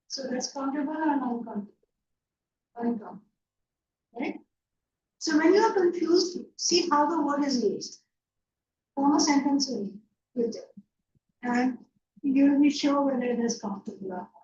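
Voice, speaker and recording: A woman's voice: high-pitched, unhurried, long pauses, a little mellow, a little hiss or hum. A woman teaching an online English grammar lecture, patiently checking understanding with frequent "yeah?" and "right?". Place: online class from a room. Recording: roomy, distant, dull online lecture audio.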